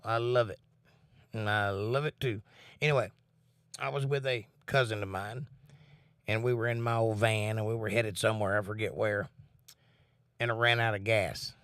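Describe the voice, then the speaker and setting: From home, a livestream host reads chat comments and talks about faith in an earnest, relaxed way. His voice is on the low side, and the studio-quality audio carries no room sound.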